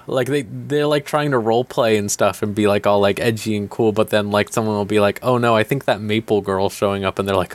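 A man's voice: fairly low pitch, fairly even intonation, brisk, few pauses, no room sound. Casual male podcast co-host, rambling delivery, acts out quotes in passing. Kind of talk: casual anime discussion.

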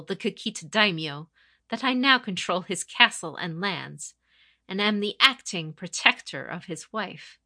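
A woman's voice: medium pitch, bright, forceful tone, no echo, clean studio sound, voice pushed up. A woman playing a stern samurai champion. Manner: stern, measured, authoritative. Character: proud commanding female samurai champion.

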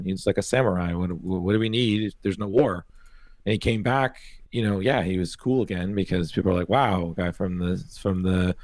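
A man's voice: fairly low pitch, a little mellow, no echo. A man, co-hosting a casual comics podcast with enthusiastic, trailing restarts.

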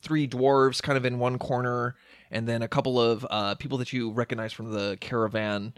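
Relaxed man running a tabletop game. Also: mid-range voice, moderate pace, clear, resonant tone, dry recording, studio quality. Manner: relaxed, hesitant with many ums. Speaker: dungeon master.

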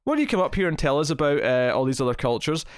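A man's voice: a little high, very animated, very fast, clear, resonant tone, no room sound. A man voicing a polite, dry male starship captain, sounding mock-innocent.

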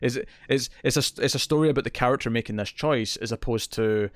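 A man's voice: mid-range voice, fast talker, dry recording. A man co-hosting a podcast, talking through a story in a thoughtful, analytical, casual way. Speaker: podcast co-host. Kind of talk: casual chat.

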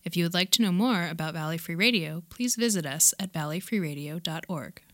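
Brief: female announcer, lowish voice, dry booth sound, formal read. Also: no echo. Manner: measured, formal. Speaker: station announcer. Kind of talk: read disclaimer.

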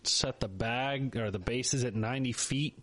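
A man's voice: mid-range voice, unhurried, a bit bright. A man co-hosting a podcast, chatting casually with jokes and self-mocking asides. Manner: joking, rambling, self-mocking. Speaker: podcast co-host.

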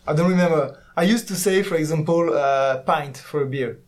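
A young man from France with a French accent, a guest on a casual podcast, often pausing to search for his words. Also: on the high side. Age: young adult. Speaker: exchange student guest.

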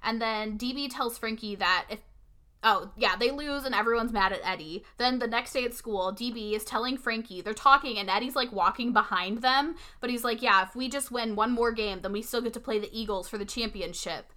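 A woman casually recapping a TV episode with a co-host, retelling scenes through quick quoted lines. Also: on the high side, sharp tone.

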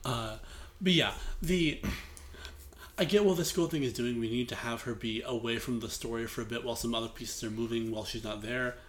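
A man's voice: mid-range voice, brisk. A man in his late twenties co-hosting a podcast, talking casually with lots of fillers and hedging. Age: late 20s. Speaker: podcast co-host. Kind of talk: casual chat.

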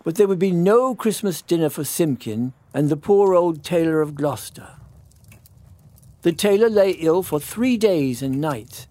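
A man reading a classic children's storybook aloud as narrator, in a gentle, expressive storytelling manner. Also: on the high side, unhurried, no echo. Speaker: storybook reader. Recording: studio audio theatre production.

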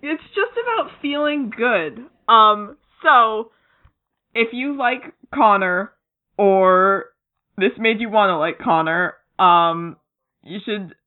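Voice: medium pitch, slow pace. A podcast co-host gushing about a comic in casual chat, rambling with lots of fillers and acting out characters' lines. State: giddy, laughing through words. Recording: tinny phone-like line.

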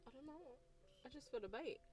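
A young American woman in a casual, slangy chat, teasing and quick to laugh. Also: high voice, expressive, over loud music. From United States.

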